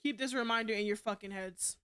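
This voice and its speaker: A young woman streaming live, talking to her chat in a loud, blunt, profane way and laughing often. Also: medium pitch, fairly quick, smooth.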